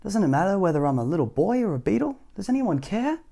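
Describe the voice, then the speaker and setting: A man reading aloud voices a young boy who has turned into a beetle, plaintive and higher than his narration. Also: big pitch swings, fast talker, vocal fry, warm tone, full character voice.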